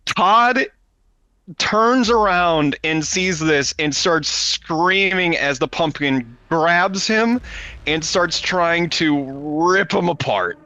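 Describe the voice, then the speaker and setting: A man narrating as game master of a tabletop game, setting scenes in a halting, descriptive way. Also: fairly high pitch, bright, forceful tone, poor audio.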